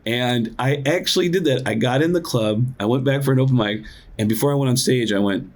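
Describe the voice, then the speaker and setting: A male comedian and impressionist, a podcast guest, telling a story casually and acting out other people's voices. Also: brisk. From United States. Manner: animated, acts out voices with big pitch jumps; casual, lots of "like" and "dude". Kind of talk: storytelling in an interview.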